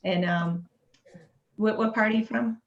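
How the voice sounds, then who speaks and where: A woman's voice: medium pitch, fairly even intonation, unhurried. A woman from Massachusetts chatting on a video call in a friendly way, with many fillers. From Massachusetts, USA. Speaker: residential treatment center representative. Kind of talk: casual video call chat. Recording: roomy, dull video call audio.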